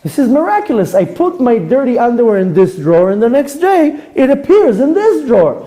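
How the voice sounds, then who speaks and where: Man doing a wide-eyed eleven-year-old girl, high-pitched and amazed. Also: big pitch swings, a little fast, warm tone. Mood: marveling. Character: awed eleven-year-old girl marveling at her father.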